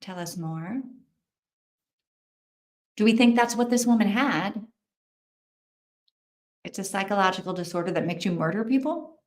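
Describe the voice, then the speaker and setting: Slow-talking chatty woman in an echoey room. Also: medium pitch. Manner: chatty, thinks aloud, reacts to viewer comments. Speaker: livestream host. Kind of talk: casual livestream chat.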